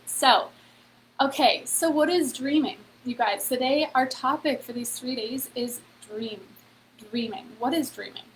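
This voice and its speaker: A woman's voice: fairly high pitch, vocal fry, a little hiss or hum, poor audio. Chatty woman hosting a live stream. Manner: chatty, heavy on "like" and "okay?", addresses viewers directly. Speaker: host of a free online event. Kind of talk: casual live-stream motivational talk.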